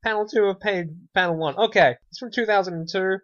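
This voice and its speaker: Quick-paced and high-voiced, this podcast co-host chats casually with a sarcastic, wry streak. He tends to trail off and restart, and the audio is dull, dry, and lo-fi.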